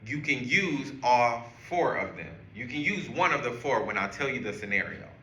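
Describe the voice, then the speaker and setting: A man teaching a group, walking them through breathing and counting in a slow, guiding way. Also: mid-range voice, sing-song, sharp tone. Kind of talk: classroom lesson on calming strategies. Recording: echoey room.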